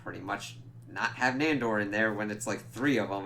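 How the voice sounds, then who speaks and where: A man's voice: fairly low pitch, normal speed, gravelly, a bit bright, slight background noise. A man giving a loose, casual recap of a TV episode, swearing freely and using lots of fillers. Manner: loose, profane, full of "like" fillers. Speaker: TV reviewer.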